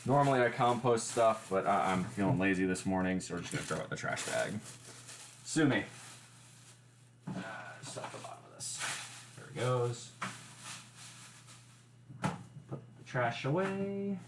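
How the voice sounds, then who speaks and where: A man's voice: deep voice, expressive, moderate pace, echoey room, background noise. A man hosting a casual cooking livestream, chatty and explaining each step with wry asides, recorded in a home kitchen. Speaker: livestream host.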